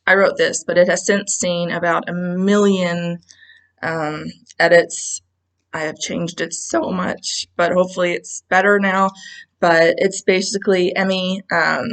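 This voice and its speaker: A woman's voice: fairly low pitch, a bit bright, rough recording. A woman casually presenting her novels from home in a video call, chatty and full of ums and asides. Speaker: author presenting her books. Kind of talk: casual talk about her books.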